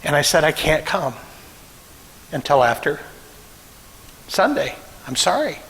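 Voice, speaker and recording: A man's voice: on the high side, sing-song, a little slow, vocal fry, a bit bright, breathy edge, big-room sound, rough recording. A middle-aged man preaching a sermon, telling a personal story with emotion and acting out the voices he quotes. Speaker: pastor.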